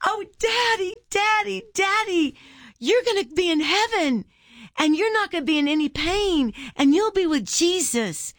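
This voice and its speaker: Woman putting on a squeaky excited little boy, six, says things over and over, loud and high. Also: a little slow, no room sound, studio quality, exaggerated voice. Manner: excited, repeating himself. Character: joyful six-year-old boy.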